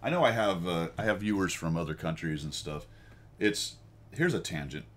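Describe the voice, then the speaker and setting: Low-voiced rambling American man. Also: lively intonation, moderate pace. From United States. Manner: rambling, self-deprecating, laughs often. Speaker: host. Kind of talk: casual chat with viewers.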